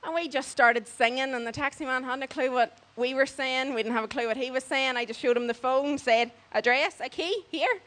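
A woman tells a story casually and lively, often acting out other people's voices and laughing as she goes. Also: sits high, brisk, hardly any pauses. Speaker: storyteller on a church mission trip.

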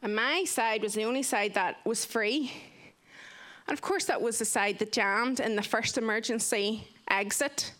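A woman's voice: fairly high pitch, unhurried. A young woman tells a personal story vividly, acting out what people said. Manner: vivid, animated retelling with acted-out quotes. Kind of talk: personal story told to listeners.

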